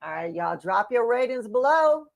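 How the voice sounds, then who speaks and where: A woman's voice: on the high side, very animated, moderate pace, creaky. A woman co-hosting a casual live-stream watch-along, talking to the viewers and arguing her point of view. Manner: chatty, talks straight to the viewers and argues her take.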